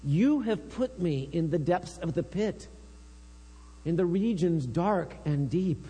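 A man's voice: a little high, expressive, dark tone, slightly rough. A man giving a sermon, reading psalms aloud with earnest intensity. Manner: slow, earnest, reads psalms with rising intensity. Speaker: preacher. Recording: long reverb with mains hum.

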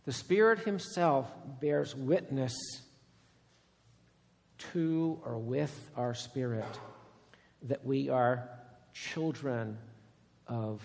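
Man, preacher, sermon, slow deliberate delivery, loud emphatic builds and quiet hushed stretches, long hall reverb. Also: mid-range voice, creaky. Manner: swings between loud emphatic repetition and quiet intimate passages.

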